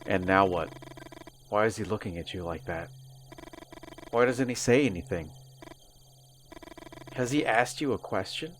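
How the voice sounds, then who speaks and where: A man's voice: fairly low pitch, a little slow, long pauses, a little hiss or hum. A man reading a visual novel aloud and reacting with casual swearing. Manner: reads game text aloud, then reacts with casual swearing. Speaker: game streamer.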